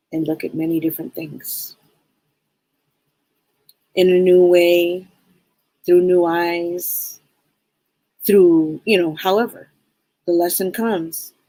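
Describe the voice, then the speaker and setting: Husky low-voiced woman giving heartfelt readings. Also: dark tone, dry recording, rough recording. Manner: heartfelt, rambling, many restarts. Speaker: psychic reader, host of a live show. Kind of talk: live-stream psychic readings, casual chat.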